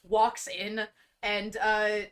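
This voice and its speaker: A woman's voice: medium pitch, little pitch movement, very slow, fairly bright tone, clean tone. A woman running a tabletop game on stream, narrating casually, rambling and swearing freely. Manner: rambling, swearing, laughing often.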